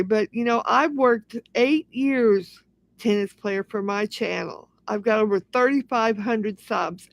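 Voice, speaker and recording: A woman's voice: fairly high pitch, no room sound. A woman hosting a casual livestream, talking in an aggrieved, repetitive rant. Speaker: livestream host.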